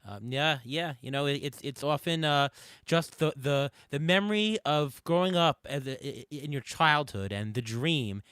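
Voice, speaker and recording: A man's voice: fairly high pitch, lively intonation, fairly bright tone, clear, resonant tone, dry recording. Podcast host guy, supportive, stop-start, dry close sound. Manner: supportive, halting. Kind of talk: interview.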